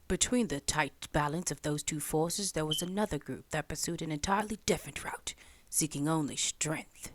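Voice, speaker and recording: A woman voicing a solemn male narrator, reading a comic story aloud in a low dramatic delivery. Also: moderate pace, background noise, close to an everyday voice.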